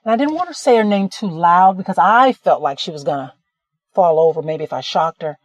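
A woman podcast host tells a personal story in a casual, rambling, conversational way, often correcting herself mid-sentence. Her voice is lowish and brisk, and the recording is dry.

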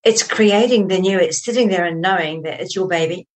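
Female host, measured and reflective, lower-pitched voice. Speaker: host, writer. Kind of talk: casual interview chat.

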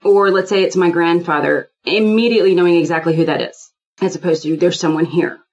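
Animated rambling woman, low voice. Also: fast, muffled recording. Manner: rambling, animated, acts out quoted dialogue. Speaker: guest. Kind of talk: casual spiritual chat.

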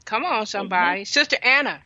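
Woman preacher, fervent, bright tense voice, dull lo-fi sound. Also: medium pitch, animated, a little fast, no echo. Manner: fervent, calls out "Amen" often. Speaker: prophetess, host of a faith program. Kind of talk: sermon-style preaching.

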